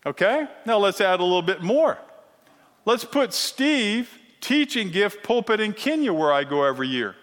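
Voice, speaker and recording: A middle-aged man teaching a sermon-style lesson, animated and teasing, often checking in with the crowd. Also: sits high, normal speed. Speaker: Bible teacher. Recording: long reverb of a large hall.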